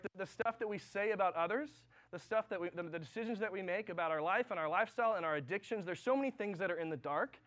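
A young man preaching to a youth group, talking fast. His voice sits high and his storytelling is animated and full of fillers. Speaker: youth pastor. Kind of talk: sermon with personal stories.

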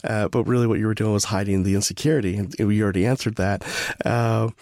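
A man hosting a podcast, asking long questions in a relaxed way and thinking aloud as he goes. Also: fairly low pitch, fast, no echo, clean studio sound. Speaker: podcast host. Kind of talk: conversational interview.

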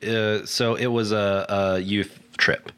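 Man telling stories with lively quoted voices. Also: lowish voice, takes it slowly, smooth. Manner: animated storyteller, acts out quoted voices. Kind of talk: casual storytelling chat.

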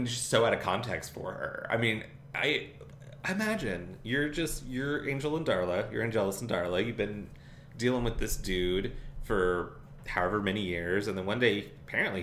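A man's voice: on the low side, animated, a little fast, fairly bright tone, echoey room, a little hiss or hum. A man co-hosting a podcast, chatting casually and animatedly and laughing often. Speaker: podcast co-host. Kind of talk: casual chat.

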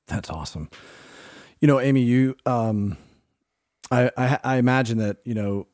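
A man's voice: medium pitch, animated, moderate pace, darkish tone, dry recording, clean studio sound. A man hosting an interview, giving short supportive reactions and asking questions. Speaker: host. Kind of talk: casual interview.

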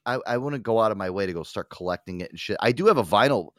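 A man's voice: on the low side, racing, no echo, studio quality. A man in his thirties, a podcast host, telling stories in casual chat with lots of swearing. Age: 30s. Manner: profane, animated storytelling.

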